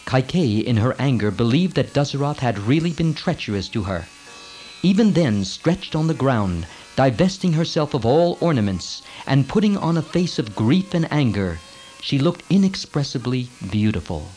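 A man narrating an old tale in a measured, formal storybook reading. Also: mid-range voice, sing-song, darkish tone, a little hiss or hum, poor audio.

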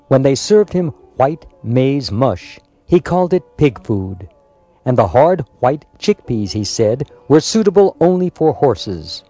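A man reading a biographical story aloud in a measured, scripted narration. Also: mid-range voice, sing-song, warm tone, no echo, faint music behind. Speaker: audiobook narrator.

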